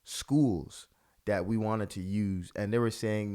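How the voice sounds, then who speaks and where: A man's voice: on the low side, fairly even intonation, slow pace, warm tone. A man, a pastor, giving religious video commentary with impassioned, repetitive phrasing.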